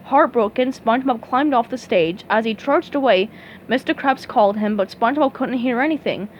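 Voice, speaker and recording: A woman reading a storybook aloud, lively, with small slips and restarts. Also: a little high, normal speed, muffled recording, slight background noise. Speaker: storybook reader.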